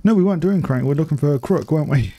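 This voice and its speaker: With no room sound, a young man's fairly high, dark-toned voice comes through animated and racing. He's a gaming streamer giving casual live commentary on a bike game, chatting, swearing freely and laughing often.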